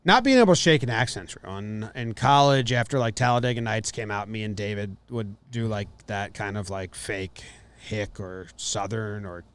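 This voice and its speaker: A man's voice: on the low side, expressive, brisk, few pauses, clean tone. A man hosting a casual podcast, reading a news story aloud and doubting it with a joking tone. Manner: skeptical, joking. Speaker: podcast host.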